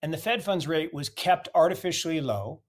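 A man with a somewhat high voice delivers forceful, opinionated market commentary. He presses his points with strings of rhetorical questions and blunt declarations. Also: animated, brisk. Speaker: guest commentator.

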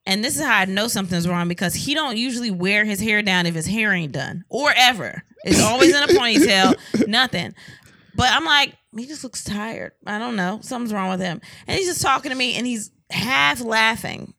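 Bright-voiced woman telling a story. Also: a little high, brisk, no echo. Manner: animated, profane, laughing storyteller acting out quotes. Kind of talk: casual storytelling chat.

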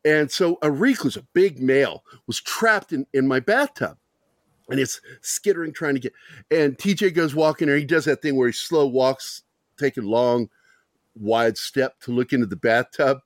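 A man's voice: mid-range voice, normal speed, dry recording, studio quality. A man hosting a podcast, telling rambling, profane stories in casual chat and laughing often. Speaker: podcast host.

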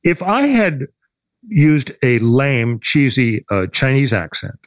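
A man's voice: medium pitch, very animated, slow, dry recording. A man hosting a radio talk show, arguing politics in a sardonic, bantering way. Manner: sardonic, jumps into playful voices when quoting.

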